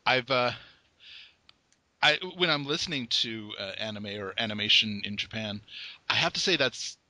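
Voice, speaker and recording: Bright-voiced male host, dry sound. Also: mid-range voice, expressive, moderate pace, no echo. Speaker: podcast host. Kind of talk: casual interview chat.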